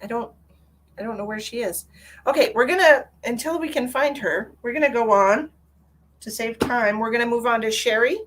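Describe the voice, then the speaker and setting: A woman's voice: fairly high pitch, moderate pace, a bit bright. A woman hosting a live psychic reading stream, chatting casually with viewers and calling them by pet names.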